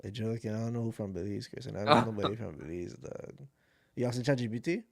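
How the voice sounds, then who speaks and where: A young man with a Caribbean accent, co-hosting a casual podcast and talking loudly and excitably, swearing freely. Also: lowish voice, fast, creaky, no room sound, studio quality. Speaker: podcast co-host.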